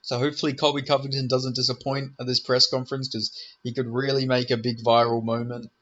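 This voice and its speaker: A man's voice: mid-range voice, little pitch movement, fast talker, a bit bright, muffled recording. A man giving a rambling, profane, joking preview of upcoming fights in casual commentary. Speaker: MMA commentator.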